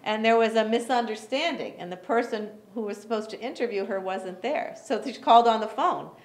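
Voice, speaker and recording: A woman teaching an English class for job seekers, speaking slowly and clearly, encouraging and often laughing. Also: on the high side. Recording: echoey classroom.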